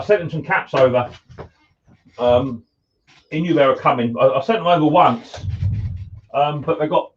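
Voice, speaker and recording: A man's voice: medium pitch, far from the mic, highs cut off, a little hiss or hum. A man chatting casually to viewers on a live stream while he works, greeting them as mate and buddy. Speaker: live-stream host, mower repairer. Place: home workshop.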